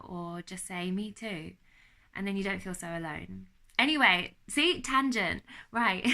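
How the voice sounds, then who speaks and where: A woman's voice: medium pitch, sharp tone. A young woman with a British accent talks earnestly at home in a candid personal vlog, chatty and full of fillers. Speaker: vlogger.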